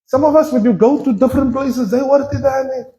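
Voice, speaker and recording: High-voiced South African pastor, playful. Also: male voice, fairly quick, warm tone, roomy sound, rough recording. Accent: South African, switching with Afrikaans. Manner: playful, joking, acts out voices with laughter. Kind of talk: sermon. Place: church.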